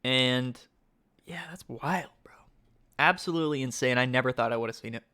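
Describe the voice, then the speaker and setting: A man giving live-stream commentary on a card game tournament, excitable and thinking aloud, often asking his chat questions. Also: mid-range voice, fast talker, smooth.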